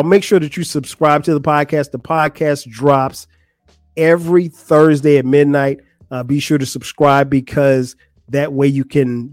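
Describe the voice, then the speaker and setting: A man hosting his own podcast, telling a story in a casual, animated, exasperated way with many restarts. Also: fairly high pitch, no echo, studio quality. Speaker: podcast host.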